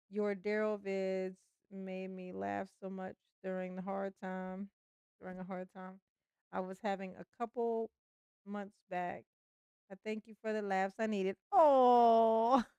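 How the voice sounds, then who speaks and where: A woman's voice: medium pitch, darkish tone, smooth, no room sound. A woman hosting a casual livestream commentary, chatty and swearing freely, often breaking into laughter.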